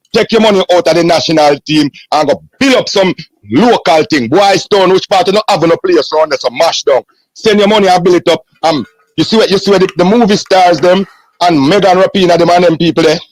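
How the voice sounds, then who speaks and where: A Jamaican man arguing hard on a sports podcast and refusing to give up the floor. His voice sits a little high. The sound is dry and close. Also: no echo, low-quality recording. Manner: forceful, holds the floor. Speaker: podcast co-host. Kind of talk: heated casual sports debate.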